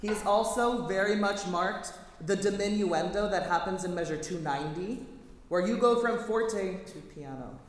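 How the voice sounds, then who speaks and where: High-voiced choir director in an echoey hall. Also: male voice, moderate pace. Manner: chatty, detailed, self-correcting. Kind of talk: choir rehearsal instruction. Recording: echoey hall, faint noise.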